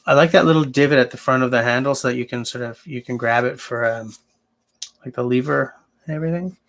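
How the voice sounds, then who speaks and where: A man's voice: mid-range voice, fast, fairly bright tone. A man hosting a casual livestream, answering viewers and thinking aloud as he rambles. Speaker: livestream host.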